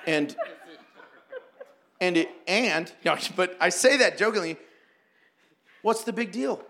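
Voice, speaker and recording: A man preaching a sermon, animated and joking, acting out prayers as he teaches. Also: high voice, takes it slowly. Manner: animated, jokes and acts out prayers. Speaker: pastor.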